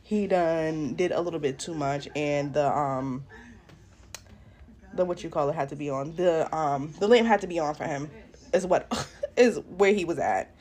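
At home doing her makeup, a young woman hosts a casual storytime vlog, talking bluntly and with profanity straight to her viewers. Her voice is deep with a darkish tone, and she speaks at a moderate pace.

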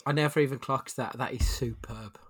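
A man's voice: mid-range voice, steady tone, fairly quick, fairly bright tone, slightly rough. A man hosting a casual film review podcast, blunt and wry, with the odd swear. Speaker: podcast host.

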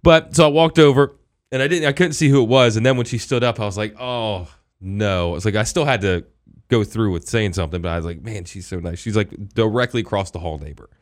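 A man's voice: on the low side, fast, no echo. A man hosting a radio show, chatting casually and telling a rambling story full of fillers and acted-out quotes in a studio. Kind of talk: casual on-air chat. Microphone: studio microphone.

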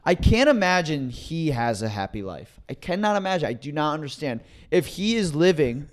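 A man's voice: fairly high pitch, sing-song, normal speed. A man co-hosting a casual comedy podcast, trading dry, sarcastic remarks. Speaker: podcast co-host.

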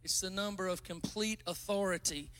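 A man preaching as a guest pastor in a casual, joking sermon. He is chatty and pokes fun at himself, then bursts into loud exclamations. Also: high voice, moderate pace.

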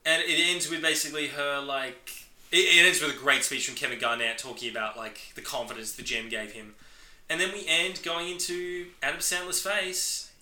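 Bright, excitable man in an echoey room. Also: on the high side, normal speed. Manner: excited, retells scenes acting out characters' lines. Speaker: podcast co-host. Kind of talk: casual film discussion.

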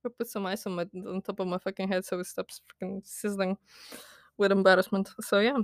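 A young woman rambles through a candid podcast diary rant, stacking fillers and breaking into frequent laughter as she teases herself. Her voice sits at an ordinary middle pitch. The recording is dry and close. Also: flat delivery, fairly quick, no echo. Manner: self-mocking, candid. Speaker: podcast host.

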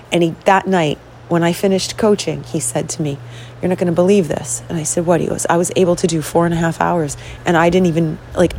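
In this storytelling monologue, a middle-aged woman who works as a host and coach retells a conversation, performing each side with earnest, motivational conviction. Her pitch is on the low side, and slight background noise is audible.

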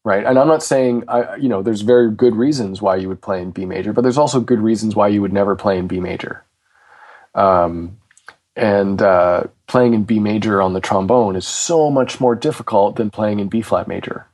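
A man's voice: on the low side, normal speed, a little mellow. A man who teaches jazz, talking casually about practice with frequent restarts and fillers. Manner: hesitant, many restarts, laughs easily.

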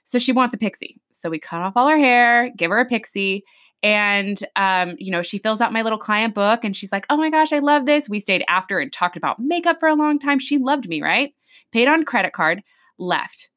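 A woman in young adulthood to middle age, talking casually on a podcast with a steady, middle-range voice. She tells her stories with lots of energy and acts out what each person said. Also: mid-range voice, normal speed. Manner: chatty, animated, acts out quoted voices. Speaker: podcast host and hairstylist. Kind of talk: casual storytelling chat.

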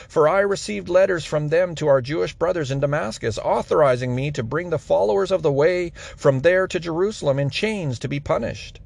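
A man's voice: a little high, gravelly, a little mellow. A man reading the apostle Paul's speech as earnest first-person testimony. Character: the apostle Paul, an earnest man defending himself.

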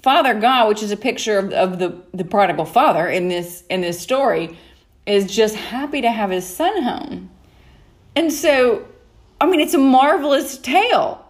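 A woman's voice: a little high, animated, normal speed. A woman teaching on a Bible story in a chatty, casual way, laughing often and acting out the characters' lines. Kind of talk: casual sermon.

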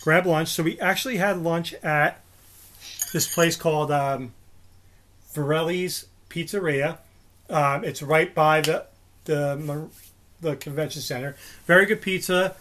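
A man's voice: on the high side, steady tone, measured pace, a bit bright. A man in his forties from New Jersey, co-hosting a podcast and telling a rambling story full of restarts and fillers. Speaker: podcast co-host. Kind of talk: casual storytelling chat.

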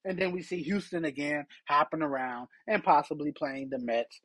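A man's voice: fairly high pitch, normal speed, fairly bright tone, rough recording. A man hosting a solo sports podcast, ranting with exasperated rhetorical questions. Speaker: podcast host.

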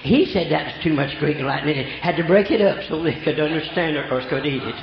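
A man's voice: on the high side, fast, creaky, noisy background. An older man preaching a folksy storytelling sermon, from Oklahoma, with homespun rural grammar. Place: church. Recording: echoey church room, dull lo-fi sound.

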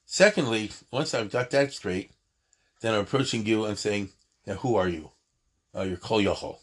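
A man's voice: on the low side, moderate pace, breathy edge. A man teaching an informal lecture on prayer, talking in an emphatic, digressive way with many asides and restarts. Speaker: Torah teacher.

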